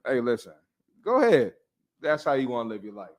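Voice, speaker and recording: Blunt, animated young man host. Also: mid-range voice, racing, slight background noise. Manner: blunt, animated, slangy, laughs a lot. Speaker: fitness podcast host. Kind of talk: casual podcast banter.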